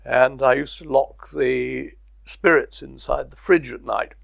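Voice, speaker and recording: A man's voice: mid-range voice, fairly even intonation, unhurried, creaky, fairly bright tone, no room sound. An older man recalling his career in an oral history interview, telling stories with chuckles. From Britain. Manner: anecdotal, chuckling storyteller.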